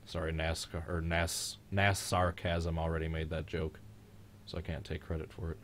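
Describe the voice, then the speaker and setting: A young man hosts a live race reaction stream, his voice sitting low and deep. He jokes around, gets excited at the action, and lets slip the odd curse. A faint background hiss runs under the talk. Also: moderate pace. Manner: joking, excitable, mild swearing. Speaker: host of a live-streamed racing reaction show.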